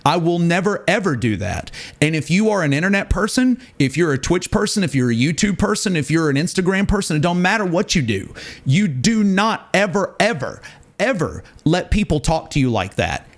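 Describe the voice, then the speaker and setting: A man's voice: a little high, moderate pace. A male streamer chatting live, ranting emphatically and repeating words for effect. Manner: animated, ranting, emphatic repetition.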